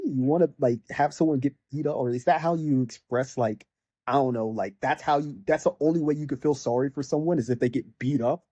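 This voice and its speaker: A fast-talking young man with a medium-pitched, mellow voice rants casually about a video game, with no echo. He rambles, fills gaps with fillers, and mocks the characters in exasperated bursts.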